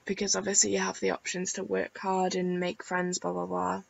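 Woman gamer, casual late-night commentary, gravelly tired voice, dull lo-fi home mic. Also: fairly low pitch, monotone, normal speed, a little hiss or hum. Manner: rambling, soft-spoken with many ums. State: tired, croaky voice. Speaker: gaming YouTuber. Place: home at night with family asleep.

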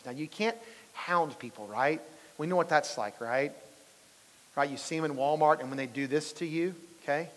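A man's voice: a little high, moderate pace, a bit bright. A male pastor giving a conversational sermon, telling stories and asking the congregation questions. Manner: storytelling, asks the congregation questions. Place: church sanctuary. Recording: long reverb of a large church hall.

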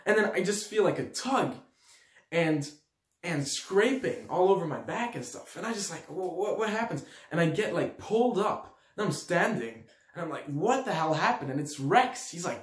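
A young man from Switzerland telling a story to his audience in a slangy, animated way, acting out the quotes loudly. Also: a little high, normal speed. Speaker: vlogger. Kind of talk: storytelling to camera. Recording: echoey room.

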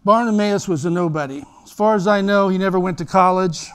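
High-voiced pastor preaching a sermon. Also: male voice, a little fast, smooth. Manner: animated storytelling, acts out voices. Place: church.

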